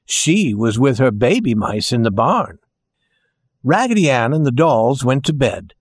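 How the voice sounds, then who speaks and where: A man narrating a children's storybook in a slow, gentle, expressive way. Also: mid-range voice, slightly rough, dry recording.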